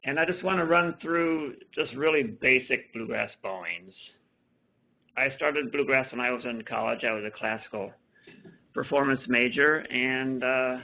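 A man's voice: medium pitch, measured pace. A man teaching a fiddle lesson over a livestream, explaining loosely with many restarts and fillers. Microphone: computer mic on a video call. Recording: dull lo-fi livestream audio with fiddle. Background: fiddle playing.

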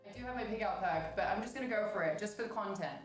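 A woman's voice: mid-range voice, racing. A woman hosting a casual livestream, bubbly and teasing as she jokes with guests. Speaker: streamer and show host. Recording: roomy room with loud music.

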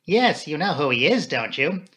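Man doing a defiant young woman, raised pitch, bright voice, insistent. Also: sing-song, moderate pace. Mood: earnest. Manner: pleading, insistent. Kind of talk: audiobook character reading.

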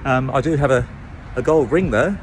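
A middle-aged Australian man vlogging to camera outdoors on a city street, indignant and halting with many restarts. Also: mid-range voice, a little hiss or hum. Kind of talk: impassioned talking-to-camera vlog.

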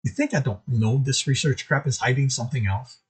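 A man's voice: medium pitch, a little fast, slightly rough. Een man die speelt een bezorgde, boze havenmeester. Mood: exasperated. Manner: pleading, frustrated. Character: gruff middle-aged male portmaster, worried.

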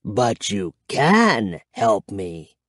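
A man putting on a slow, murmuring old vampire, Count Nightwing. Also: wildly swooping pitch, fairly bright tone, no room sound, clean studio sound, exaggerated voice. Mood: commanding. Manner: slow, low, drawn-out murmuring. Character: ancient thirsty male vampire count, gloomy, menacing. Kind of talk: audiobook character voice.

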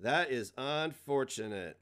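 A man's voice: mid-range voice, expressive, takes it slowly, a bit bright, clean tone. Swearing, mocking male streamer on a rant. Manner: mocking, laughs often, swears freely. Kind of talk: casual live-stream rant.

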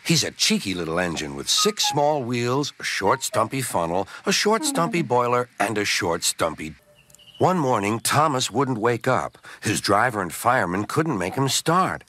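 A man narrating a children's story aloud with lively, animated storytelling. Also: mid-range voice, normal speed, noisy background.

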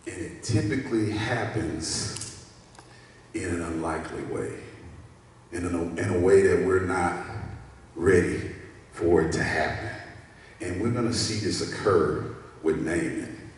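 A man preaches to his congregation at an unhurried, deliberate pace, his voice sitting low. He repeats his key lines and draws responses from the room. The sound is distant and washed in the long reverb of a church sanctuary. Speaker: pastor. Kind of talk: sermon. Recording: echoey church hall, mic at a distance.

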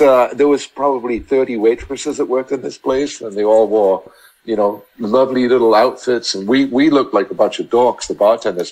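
A man chatting as a podcast guest, telling long, halting anecdotes full of restarts. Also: medium pitch, a little mellow, poor audio. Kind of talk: casual storytelling chat.

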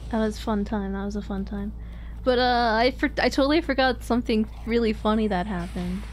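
Her voice on the high side, a woman streamer rambles through giggly stories as she plays, laughing again and again in a casual gameplay chat. A little hiss or hum can be heard.

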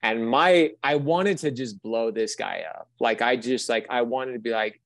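A man's voice: mid-range voice, measured pace, no echo. Earnest young man telling a story. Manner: earnest, animated storyteller with many restarts. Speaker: guest. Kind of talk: storytelling interview chat.

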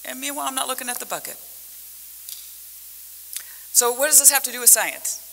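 Woman panelist, conference talk, bright voice, lively storyteller. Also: high voice, a little fast, vocal fry, slight background noise. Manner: animated storytelling with vivid metaphors. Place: conference hall. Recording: echoey conference hall.

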